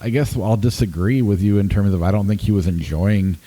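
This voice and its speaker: A man in his forties co-hosting a podcast, talking in a hesitant, halting way with many restarts. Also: on the low side, mellow, low-quality recording. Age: 40s. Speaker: podcast co-host and film critic. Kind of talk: casual podcast review.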